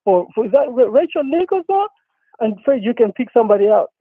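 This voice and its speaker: A man's voice: very high voice, very animated, fast talker, slightly rough, no room sound. A man calling in to a talk show, ranting with a profane, repetitive, worked-up manner. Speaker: caller. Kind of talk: angry phone-in rant. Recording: tinny phone line.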